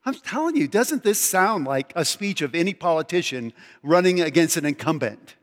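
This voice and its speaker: A man's voice: on the high side, very animated, moderate pace, a bit bright, in a large hall. A man preaching a conversational sermon, walking through scripture and mimicking the voices in it. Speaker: pastor.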